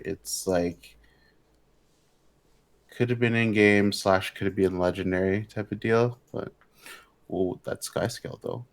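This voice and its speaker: A young man co-hosting a casual gaming podcast, rambling with fillers and catching his own slips. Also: on the low side. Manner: rambling, full of fillers and self-corrections. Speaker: podcast co-host.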